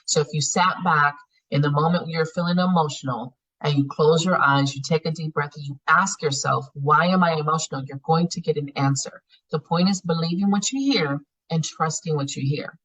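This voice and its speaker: A woman's voice: deep voice, steady tone, normal speed, fairly bright tone, breathy edge. Frank, casual woman teaching, muffled audio. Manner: frank and conversational, swears casually, acts out inner thoughts. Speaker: spiritual healing class facilitator. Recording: muffled lo-fi class recording.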